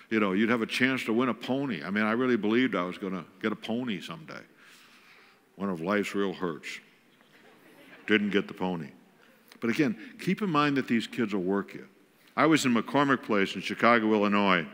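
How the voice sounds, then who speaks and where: A man's voice: lowish voice, fairly bright tone, in a large hall. A man giving a folksy, joking talk as a guest speaker in a church. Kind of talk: humorous sermon talk on parenting. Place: church auditorium.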